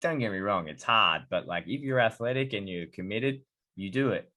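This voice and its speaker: A man hosting a podcast, chatting casually and telling stories in a relaxed way. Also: fairly low pitch, normal speed. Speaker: podcast host, dietitian. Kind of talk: casual interview chat.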